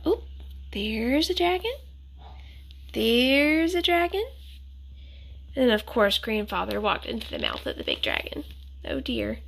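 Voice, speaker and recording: Casting: woman storyteller for kids, slow and bright, gentle, higher voice. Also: gravelly. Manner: gentle, asks listeners questions, whispered asides. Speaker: storyteller reading to children. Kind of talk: picture book read-aloud.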